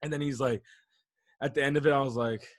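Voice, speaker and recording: A man's voice: medium pitch, fairly even intonation, fast talker, no echo, studio quality. A young man co-hosting a podcast, telling a story in a rambling, profane, often laughing way. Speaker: podcast co-host. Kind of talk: casual storytelling chat. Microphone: podcast mic.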